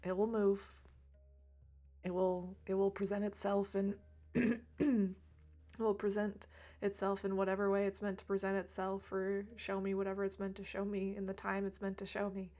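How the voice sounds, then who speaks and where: A woman speaking gently and reflectively on a livestream about emotions, laughing lightly now and then. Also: mid-range voice, little pitch movement, moderate pace, soft background music. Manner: soft, reflective, laughs lightly, drops to near whisper at times. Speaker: reiki streamer. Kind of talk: gentle spiritual talk on a livestream.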